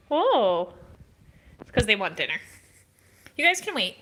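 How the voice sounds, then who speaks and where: A woman filming her foster cats at home and in the yard, chatting to them in cooing baby talk and to her viewers in a relaxed way. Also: medium pitch, a little slow. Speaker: cat foster streamer. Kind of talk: casual talk to pets on camera. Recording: faint wind and outdoor noise.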